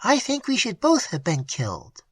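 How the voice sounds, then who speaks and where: A frightened older wife speaks in high, shrill bursts, as a narrator puts her on. Her voice leaps about wildly and has a breathy edge. Everything comes out frantic and breathless. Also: huge pitch swings, moderate pace, a bit bright, dry recording, full character voice. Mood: fearful. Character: terrified middle-aged clergyman's wife.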